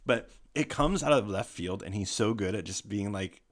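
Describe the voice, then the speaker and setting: Deep-voiced man telling a funny story. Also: normal speed. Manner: animated, swearing, breaks into laughter. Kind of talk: casual storytelling chat.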